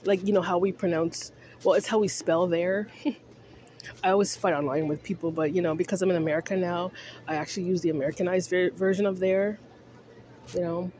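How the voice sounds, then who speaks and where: A woman's voice: lowish voice, steady tone, a little fast, a little mellow, slight background noise. A woman from Canada with a Canadian accent with Jamaican undertones, ranting casually to camera in a rambling way while snacking on chips. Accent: Canadian English with Jamaican undertones. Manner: rambling, repeats "I'm just saying", many fillers.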